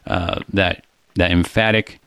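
Casual co-host, male, deep voice, dry close sound, thinks aloud with frequent fillers. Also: steady tone, slow pace, vocal fry, fairly bright tone, clean tone, dry recording. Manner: thoughtful, many fillers and restarts. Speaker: co-host discussing a psalm. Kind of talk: casual theological discussion.

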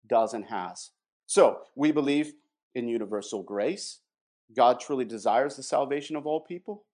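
Guy explaining doctrine slow and emphatic, mid pitch, reads stuff out. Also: a little mellow. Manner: measured, emphatic, reads scripture aloud. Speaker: guest presenting doctrine. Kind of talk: explanatory theological talk with read quotations.

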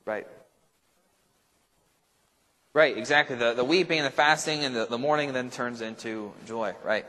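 A man's voice: mid-range voice, normal speed, long pauses, sharp tone, big-room sound. A male pastor leading a casual Bible study, talking conversationally and checking in with the group with frequent tag questions. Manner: thinks aloud with restarts and asides.

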